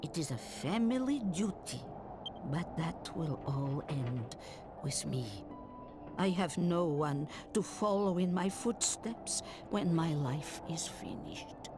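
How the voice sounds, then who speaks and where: An actress playing a gentle, wise old woman who lives alone in the mountains, in a game's voice acting, speaking softly. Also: low voice, lively intonation, over music, exaggerated voice. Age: older. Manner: slow, gentle, soft-spoken. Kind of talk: game voice acting.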